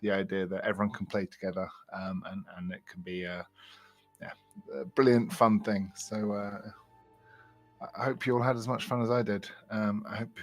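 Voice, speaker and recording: Male host, low voice, worn out and rambly, casual chat. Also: steady tone, moderate pace, soft background music. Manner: rambling, with many restarts and laughs. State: tired after a long event. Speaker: charity stream organizer.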